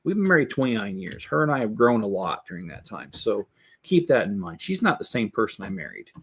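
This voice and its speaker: A man's voice: lowish voice, sing-song, fairly quick, husky. A middle-aged man talking casually and candidly as he builds, rambling with many restarts and asides. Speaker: Lego builder and channel host. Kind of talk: casual chat while building.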